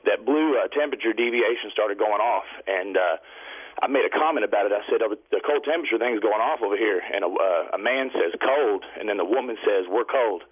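A man phoning into a radio talk show, telling a long story in a rambling, halting way full of fillers. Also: lowish voice, slightly rough. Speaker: caller. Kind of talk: call-in storytelling. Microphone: telephone. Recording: tinny phone line.

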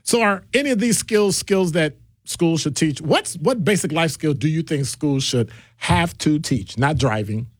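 Animated middle-aged male radio host. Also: unhurried, dry recording, studio quality. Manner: animated, jokey, shifts pitch for quoted voices. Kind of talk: call-in radio talk.

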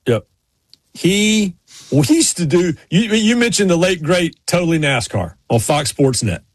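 Middle-aged man on a casual podcast. He tells long, rambling stories that stop and restart constantly. His voice is slightly husky and a touch high, recorded dry and close. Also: sing-song, a little slow, no echo. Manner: rambling storyteller with many restarts. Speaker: podcast co-host. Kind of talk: casual chat.

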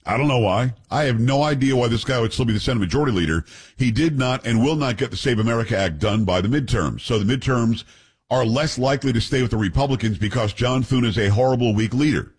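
A man's voice: medium pitch, animated, a little fast, a little mellow, slightly rough. A man hosting a talk radio show, giving blunt, opinionated political commentary and repeating his points for emphasis.

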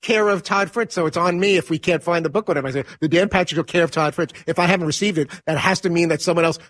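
A man's voice: a little high, quick pace, fairly bright tone. A man on a sports talk show staff, speaking defensively and nervously with a slight stutter. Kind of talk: casual radio show banter.

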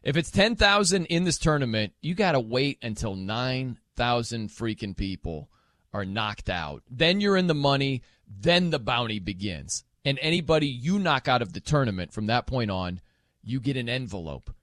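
A man's voice: medium pitch, very animated, normal speed, fairly bright tone, dry recording, studio quality. A man hosting a late-night show, chatting casually and teasing his co-host playfully. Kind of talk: casual chat.

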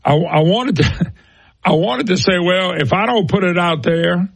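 A man's voice: high voice, measured pace, gravelly, slightly rough, no echo. A middle-aged man hosting a political talk radio show, ranting scornfully and firing off rhetorical questions.

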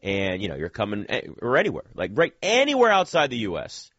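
A young man hosting a sports talk show, ranting in an animated and sarcastic way and putting on mocking voices. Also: on the low side, fairly quick, dry recording. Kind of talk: opinionated sports talk monologue. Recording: dull, muffled dry sound.

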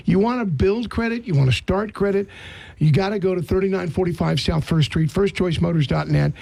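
A man's voice: high voice, fairly quick, creaky. A man hosting a casual, jokey radio chat. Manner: excitable, jokey. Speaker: radio host.

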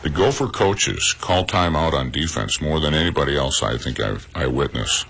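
A man giving a local sports report, pausing often with "uh" and adding his own opinions. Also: very deep voice, vocal fry, husky. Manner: plain, relaxed delivery with frequent pauses and "uh"s, offering personal opinions.

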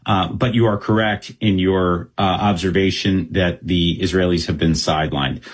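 A man speaking as a guest analyst in an interview, talking quickly and steadily with frequent ums and uhs. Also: low-pitched, steady tone, husky. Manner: fast, measured, with frequent um and uh. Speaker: Middle East analyst guest.

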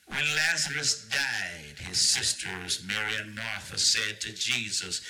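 A man delivers a sermon in a very low voice, drawing each phrase out with long, deliberate pauses. His tone is strikingly bright and forceful despite the depth. He sounds like a pastor addressing his congregation. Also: low-quality recording. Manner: slow, emphatic preaching with dramatic pauses.

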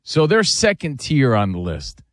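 A man's voice: medium pitch, huge pitch swings, a little slow, no echo, clean studio sound. A man co-hosting a sports talk show, giving breezy, assured takes on teams and joking around. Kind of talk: casual sports debate.

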